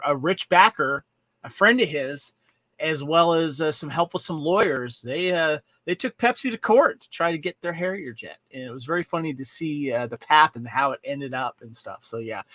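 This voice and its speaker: A man's voice: on the high side, pushed and bright, dry recording. A man co-hosting a podcast, chatting casually and enthusiastically about movies in a rambling way. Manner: rambling and enthusiastic, full of restarts. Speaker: podcast co-host. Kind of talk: casual chat reviewing movies and shows.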